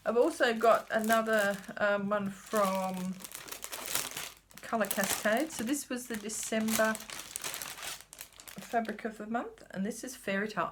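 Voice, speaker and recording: Chatty woman with gravelly voice. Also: medium pitch, a little hiss or hum. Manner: chatty, rambling, drops to a whisper at times. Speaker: cross-stitch vlogger. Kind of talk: casual chat showing craft supplies.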